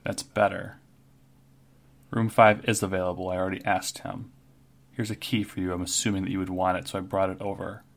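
Man voicing a prickly barmaid, low voice, scolds rude guests and demands manners. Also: flat delivery, brisk, vocal fry. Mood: sassy. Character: sassy female barmaid, prickly and proud.

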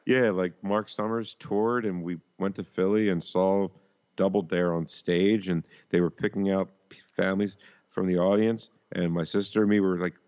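A man's voice: low-pitched, steady tone, normal speed, darkish tone, lo-fi sound. A man co-hosting a podcast, rambling through memories with swearing and half-finished sentences. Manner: rambling, profane, trails off mid-sentence. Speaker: podcast co-host. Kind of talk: casual crude podcast banter.

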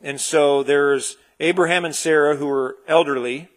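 Pastor with a higher male voice. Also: normal speed. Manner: relaxed, searching, with frequent fillers and restarts. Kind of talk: conversational sermon.

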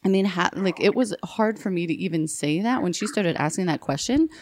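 A woman's voice: fairly low pitch, animated, brisk, darkish tone, a little hiss or hum. A woman in her thirties hosting a podcast, reflective and thinking aloud with lots of fillers. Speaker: podcast host. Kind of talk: podcast conversation.

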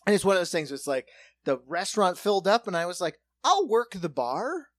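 A man's voice: high voice, quick pace, dry recording. Profane ranting man telling a story. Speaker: restaurant server and bartender. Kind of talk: casual podcast chat.

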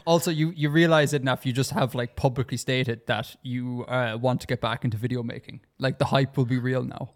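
A man's voice: medium pitch, fairly even intonation, a little fast, hardly any pauses. A man from Ireland chatting on a casual podcast quiz, joking and hedging his answers. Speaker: podcast co-host, quiz player.

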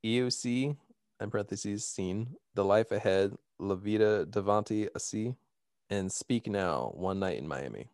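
A podcast host with a somewhat low voice leads a casual chat, reading out lists of nominees and laughing now and then. He speaks in an easygoing, slightly slow way. The recording is dry and close, with no echo.

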